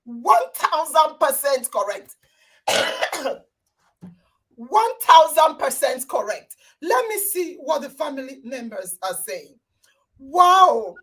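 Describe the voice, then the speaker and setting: A woman hosting a live online talk show over a video call, exclaiming and praising loudly as she quizzes her listeners. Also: high-pitched, big pitch swings, slow, long pauses. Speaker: podcast host.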